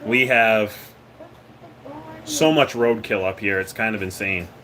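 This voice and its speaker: This is a Maine man hosting a casual live chat with viewers, full of jokes and laughter, his sentences often trailing away. His fairly low voice comes across bright and forceful at a measured pace, with slight background noise.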